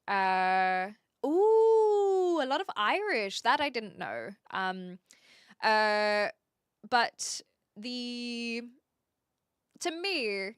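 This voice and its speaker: A woman's voice: medium pitch, sharp tone, smooth, dry recording, studio quality. A woman streamer chatting casually with viewers, rambling and correcting herself with lots of fillers. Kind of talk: casual chat answering viewers.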